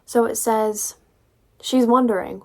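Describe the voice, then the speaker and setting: A woman's voice: on the high side, fairly even intonation, slow pace, mellow. A young woman reviewing a book in a casual vlog, ranting with sarcastic exasperation and swearing freely.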